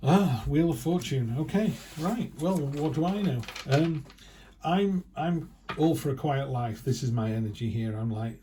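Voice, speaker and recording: A man's voice: mid-range voice, expressive, unhurried, dark tone, a little hiss or hum. A man giving a casual, chatty tarot reading who acts out quoted remarks in other voices. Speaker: tarot reader.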